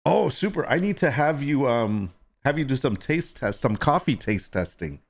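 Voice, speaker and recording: Joking, animated livestream host, male. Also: mid-range voice, moderate pace, vocal fry. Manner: joking, teasing viewers; chatty, greets chat by name. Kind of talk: casual livestream chat.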